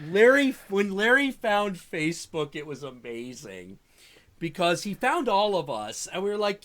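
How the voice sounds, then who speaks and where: A man hosting a live stream, telling animated casual stories with frequent swearing and stammered restarts. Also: sits high, measured pace. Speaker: show host.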